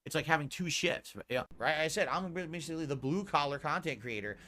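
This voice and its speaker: Male live streamer, sore throat, subdued and laid back but blunt and profane; slightly high, bright voice. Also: a little fast. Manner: laid back, talking lower than usual; blunt and profane when scolding chat. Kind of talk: casual stream talk to chat.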